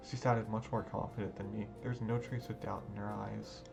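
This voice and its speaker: A man's voice: fairly low pitch, level tone, fairly quick, gravelly, few pauses. A man hosting a let's play, reading a visual novel's first-person narration earnestly. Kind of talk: reading game narration aloud. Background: background game music.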